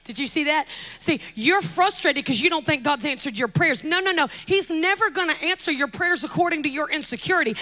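A woman preaching a lively sermon from a church pulpit, joking with the congregation, shouting at her peaks and dropping to soft, intimate tones. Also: high-pitched, fairly quick, hardly any pauses. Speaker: guest preacher.

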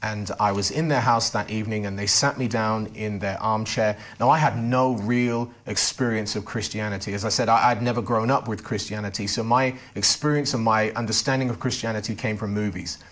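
This interviewee's voice sits on the low side and is fairly bright, with fairly even intonation, a slightly fast pace, and few pauses. He relates his personal testimony earnestly, restarting sentences often.

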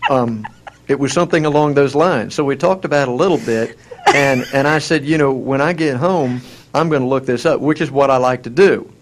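A man's voice: mid-range voice, a little fast, noisy background. A man with a Southern American accent, co-hosting a casual chat in a wry, self-mocking way with frequent restarts. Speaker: co-host.

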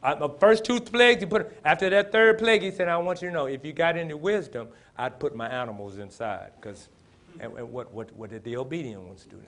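Fiery preacher man with climbing shouts. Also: on the high side, brisk. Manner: preaching with rising shouted emphasis and call-and-response; plain-spoken, folksy speech. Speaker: pastor. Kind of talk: sermon.

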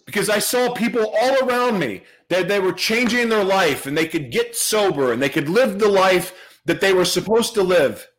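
A man giving a personal testimony speech to an audience, earnest and emotional, repeating phrases for emphasis and dropping to a hush at tender moments. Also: sits high, expressive, normal speed, hardly any pauses, slight background noise, poor audio. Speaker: motivational speaker sharing his life story.

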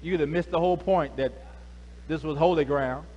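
A male pastor preaching a lively sermon, calling out to the congregation with casual slang. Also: a little high, moderate pace, lo-fi sound. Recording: echoey hall, faint hum.

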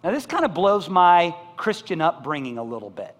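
A male pastor with a high voice delivers a sermon in a church sanctuary, his words trailing off into long hall reverb. He swings between loud, emphatic build-ups and soft, slow pleas, often asking the congregation questions. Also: very animated. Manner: talks directly to the congregation with questions.

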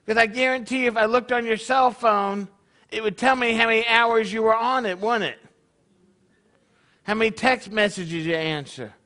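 A man's voice: high voice, moderate pace, sharp tone. A man leading his congregation in a conversational sermon, full of rhetorical questions. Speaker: congregation leader.

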